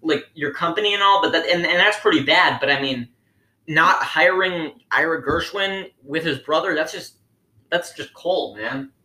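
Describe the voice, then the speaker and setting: A man's voice: a little high, moderate pace, sharp tone. A man hosting an improvised comedy interview, hesitant and stammering, asking incredulous questions. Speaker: host. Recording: roomy echo.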